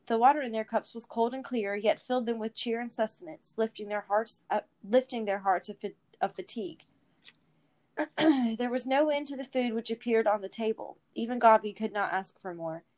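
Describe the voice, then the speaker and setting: A woman casually reading a story chapter aloud, relaxed, with chatty asides and some yawning. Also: fairly high pitch, moderate pace. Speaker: reader.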